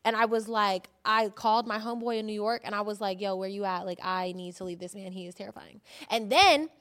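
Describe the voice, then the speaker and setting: A woman co-hosting a podcast, telling a story in animated, casual chat and swearing often. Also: medium pitch, brisk. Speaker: podcast co-host.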